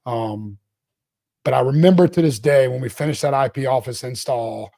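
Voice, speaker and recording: A man in his forties, a company CEO telling his start-up story in a casual interview, rambling and animated, laughing often. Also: medium pitch, moderate pace. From Louisiana, US. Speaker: CEO guest.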